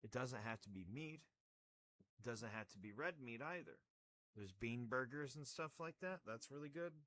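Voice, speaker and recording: A man's voice: medium pitch, lively intonation, normal speed, a bit bright. A young man chatting casually on a livestream while crafting, rambling with goofy, playfully sarcastic asides in a slightly crackly voice. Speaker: streamer.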